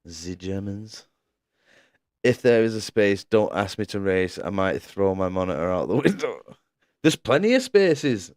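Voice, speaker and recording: A man's voice: on the low side, expressive, moderate pace, darkish tone, dry recording, studio quality. A man commentating a sim racing league live stream, chatting casually, laughing often and reading out viewers' messages.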